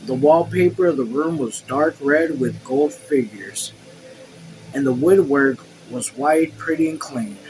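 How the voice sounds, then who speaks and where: A man reading a novel aloud casually, slow and halting over words, breaking off for chatty asides. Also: mid-range voice, a little mellow, slight background noise, rough recording. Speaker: read-along host.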